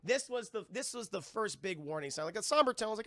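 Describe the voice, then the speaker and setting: A man reviewing a film on a live stream to his chat, animated and profane, acting out scenes as he retells them. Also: high-pitched, normal speed, vocal fry, dry recording, studio quality.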